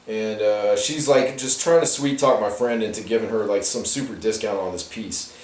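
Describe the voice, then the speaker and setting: A man's voice: lowish voice, moderate pace, a little mellow. Man, rambling rant, casual monologue while drawing, roomy echo, mic far off. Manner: ranting, many restarts and asides. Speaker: artist talking while coloring a comic.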